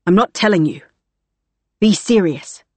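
Woman voicing a rasping, desperate fugitive woman. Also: mid-range voice, measured pace, darkish tone, no echo. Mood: defiant. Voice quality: rasping, hissing. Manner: tense, defiant.

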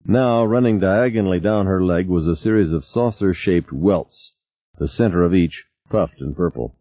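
A man reading a novel aloud as narrator, in an expressive style. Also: low voice, normal speed, no room sound. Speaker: audiobook narrator. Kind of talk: scripted narration. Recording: dry, tinny phone-like sound.

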